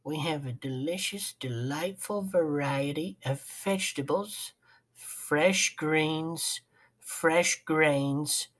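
Woman doing a low breathy half-whispered steakhouse lady, slow and drawn out. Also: a bit bright, heavily acted. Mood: sultry. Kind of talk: mock advertisement.

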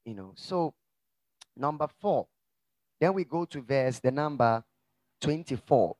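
A middle-aged male pastor preaching a sermon with emphatic swings from hushed asides to shouts, in a gravelly voice. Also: medium pitch, lively intonation, unhurried, no room sound.

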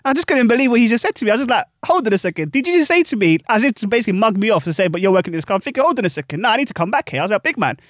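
A young man, a club DJ telling animated stories in casual chat full of slang. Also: high-pitched, rapid-fire, hardly any pauses, dry recording, studio quality. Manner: animated, laughing anecdotes with British slang.

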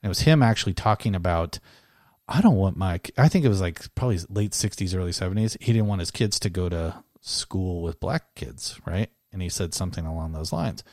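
A man's voice: low voice, lively intonation, brisk, darkish tone, no echo, studio quality. A man co-hosting a casual chat, reading headlines aloud with frequent laughs and mocking asides. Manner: laughs often, mocking, rambling. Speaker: co-host.

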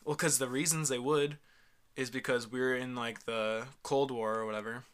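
An easygoing young man co-hosts a casual podcast. His voice has a bright, sharp edge, and he lets his stories wander as he talks. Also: medium pitch, fairly even intonation, normal speed, clean tone. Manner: easygoing, tells stories in a rambling way. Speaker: podcast co-host. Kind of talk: casual chat.

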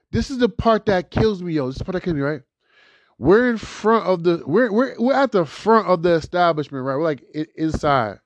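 A young man hosting a solo podcast, venting in a loud, profane, animated way that swings between high outbursts and low mutters. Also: no room sound. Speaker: podcast host. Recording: dull lo-fi dry recording.

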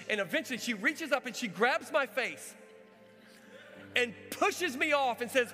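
A man preaching an animated testimony in a high, bright voice, acting out the sounds and voices in his story. His voice rings through a large echoing hall. Soft music plays beneath him. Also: moderate pace. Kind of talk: sermon storytelling.

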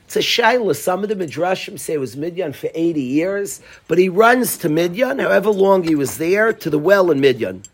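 A man giving a casual Torah class, animated and acting out the lines he quotes. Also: sits high, fairly quick, few pauses, slightly rough. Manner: animated, acts out quoted lines, restarts often. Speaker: Torah teacher.

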